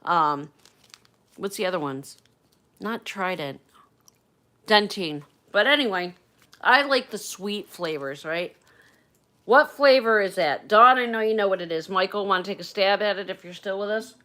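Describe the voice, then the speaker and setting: A woman livestreaming from home, chatting warmly with viewers by name and getting choked up at times, now and then moving away from the mic. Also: medium pitch, expressive, measured pace, pauses often. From United States. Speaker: livestream host. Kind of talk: casual livestream chat. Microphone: webcam or phone mic, moves off camera.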